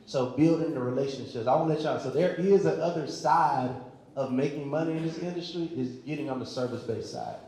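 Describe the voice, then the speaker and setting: A man's voice: on the high side, brisk, darkish tone. A man speaking on a panel at a community event. He has a confident, emphatic salesman's way of talking. His voice bounces heavily around a large, very echoey hall. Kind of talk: panel talk to a live audience.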